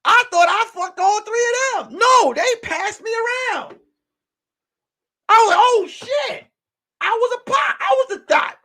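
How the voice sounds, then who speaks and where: A man hosting as a comedian, ranting in a casual, profane, animated way and circling back to repeat his points. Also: very high-pitched, unhurried. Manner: animated, profane, repetitive storytelling. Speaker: comedian host. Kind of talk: casual live-stream rant.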